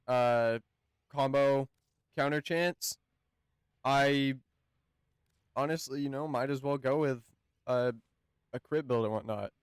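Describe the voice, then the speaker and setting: Halting man with a smooth, dry voice. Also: mid-range voice, dry recording. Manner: hesitant, halting, often searching for words. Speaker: gaming channel host. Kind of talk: casual game review talk.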